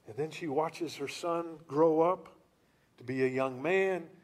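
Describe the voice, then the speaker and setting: A male preacher giving a sermon, telling stories in an animated way and asking rhetorical questions. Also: fairly high pitch, a little slow.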